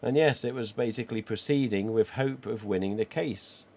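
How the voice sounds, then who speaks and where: A man, croaky today, hosting a live stream and chatting cheekily with viewers. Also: mid-range voice, moderate pace, darkish tone. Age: 40s. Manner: chatty and cheeky, with casual swearing. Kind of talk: casual livestream chat reading viewer comments.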